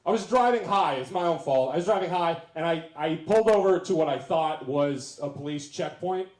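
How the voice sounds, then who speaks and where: Animated man telling a stand-up story. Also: fairly high pitch, brisk. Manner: animated storytelling with self-deprecating asides and acted-out quotes. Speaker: guest comedian. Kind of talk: stand-up set. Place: live comedy stage with audience. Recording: roomy venue sound with crowd.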